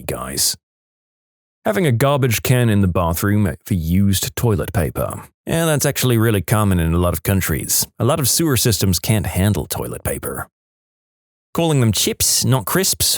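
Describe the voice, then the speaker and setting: A man narrating online comments in a scripted reading, with a wry, lively delivery and small laughs. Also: lowish voice, no room sound, studio quality.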